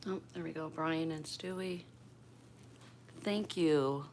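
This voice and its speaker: Slow and steady, with a low, darkish voice, an older woman from Bristol, Pennsylvania, runs a casual livestream from home. She speaks softly and chats with viewers by name; a little hiss or hum is present.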